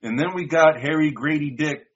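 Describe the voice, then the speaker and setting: This podcast co-host has a fairly high, slightly rough male voice at a normal speed. He rambles loosely through draft picks in a casual chat, calling his partner "dude" and "bro," and the lo-fi recording sounds dull.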